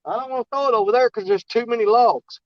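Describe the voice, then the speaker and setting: Guy fishing by a river, high voice, rambling easy chat, muffled call audio. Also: fast talker, dry recording. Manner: folksy, rambling, drawling. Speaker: outdoors channel host. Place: outdoors at a riverbank at dusk.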